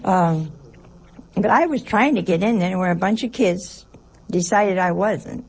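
A woman's voice: on the low side, a little slow, creaky, husky. A woman, a nun, giving a conversational sermon in a folksy, humorous way, full of rhetorical questions. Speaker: nun preaching.

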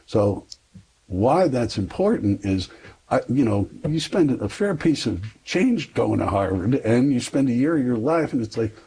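A man's voice: medium pitch, sing-song, a little slow, warm tone, husky, rough recording. A middle-aged man, a guest on an interview, telling a long personal story in a rambling, self-deprecating way with frequent fillers.

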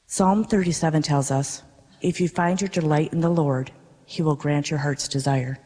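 A woman, a parishioner, reading her personal faith testimony to a congregation in an earnest, measured way. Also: low-pitched, fairly even intonation, warm tone. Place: darkened church worship space. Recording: reverberant worship space.

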